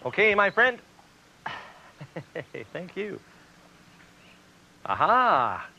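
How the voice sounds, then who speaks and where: A man hosting a children's TV show, telling a story to children in a gentle, animated storyteller's way. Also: a little high, a little slow, a little hiss or hum. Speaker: children's TV host. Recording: dull lo-fi 1990s TV recording.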